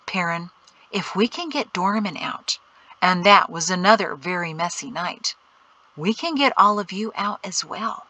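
A woman reading aloud voices a calm, knowledgeable male guide who explains things steadily. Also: high-pitched, measured pace, exaggerated voice, poor audio.

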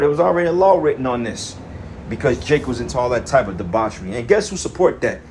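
A man's voice: mid-range voice, expressive, darkish tone, a little hiss or hum. A man teaching scripture in an angry, profane way, reading verses aloud and tagging his lines with "man" and "okay". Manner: profane, heated, ends phrases with "man" and "okay"; reads verses aloud in measured cadence.

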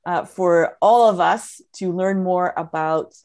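A woman's voice: on the low side, slow, darkish tone. A woman moderating a live webinar, upbeat and effusive, with frequent fillers as she introduces guests.

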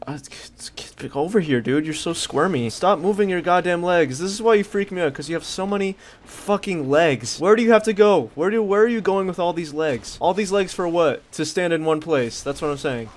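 A young man giving crude, rambling commentary while playing a game, yelling at it when things go wrong. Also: sits high, a little hiss or hum. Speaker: gaming streamer. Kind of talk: casual gameplay commentary.

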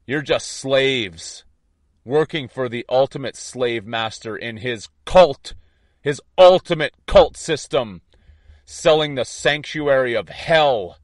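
A man's voice: medium pitch, slow, no room sound, clean studio sound. A man giving an impassioned spiritual monologue, intense and defiant, repeating his points. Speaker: online preacher.

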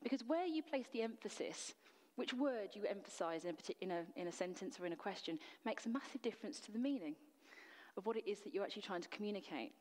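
A woman's voice: mid-range voice, expressive, quick pace, a little mellow, in a large hall. A woman preacher delivering a sermon in an earnest, emphatic way, full of rhetorical questions. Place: church.

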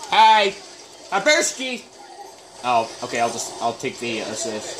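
A man's voice: medium pitch, wildly swooping pitch, measured pace, fairly bright tone, slight background noise. A man giving casual live gameplay commentary, chatting and reacting aloud with sudden exclamations and muttered groans.

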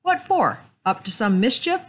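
Woman doing a shrill, icy spinster. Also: sing-song, moderate pace, a bit bright, slightly rough, full character voice. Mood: irritated. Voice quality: high-pitched. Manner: icy and scornful. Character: sharp-tongued faded spinster sister.

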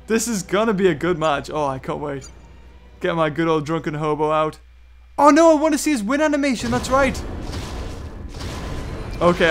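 A man giving excited play-by-play commentary on a mobile game battle. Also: high-pitched, a little hiss or hum. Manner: enthusiastic, play-by-play like a sportscaster. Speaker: gaming YouTuber.

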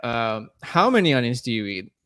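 A man's voice: medium pitch, sing-song, moderate pace, sharp tone, clear, resonant tone, no room sound, clean studio sound. A man hosting a comedy podcast interview, reading out audience questions and laughing often.

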